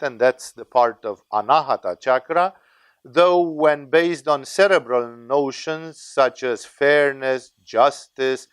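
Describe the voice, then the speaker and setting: A man's voice: fairly high pitch, clear, resonant tone, dry recording. A man teaching as a spiritual teacher, lecturing in a discursive, conversational way with frequent tag questions.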